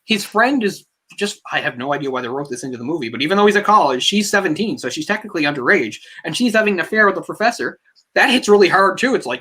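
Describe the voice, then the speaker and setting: Bright-voiced rambling male podcast host. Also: high-pitched, fast talker, slightly rough. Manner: rambling, animated, heavy use of "like"; tenor speaking voice from a trained singer. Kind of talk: casual film discussion chat.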